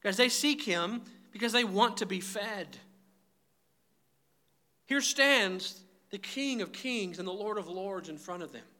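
A man's voice: high voice, lively intonation, a little slow, pushed and bright. A man preaching a sermon, emphatic and direct, often calling his listeners "guys". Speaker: pastor.

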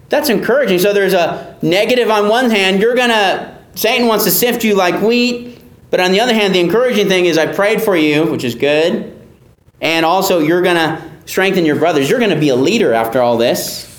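A man's voice: sits high, a little fast, reverberant. A man preaching an expository sermon, earnest and emphatic, repeating key phrases for weight. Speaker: pastor.

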